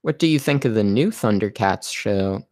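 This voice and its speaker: A man hosting a casual livestream and answering viewer questions, halting and full of fillers, his voice worn and going hoarse. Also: fairly low pitch, lively intonation, a little mellow, no echo, studio quality. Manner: halting, many fillers and restarts. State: losing his voice.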